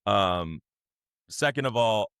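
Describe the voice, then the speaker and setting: A man co-hosting a casual podcast chat, rambling and acting out quotes in loud, high voices. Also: lively intonation, slow pace, smooth, dry recording, clean studio sound. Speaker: podcast co-host.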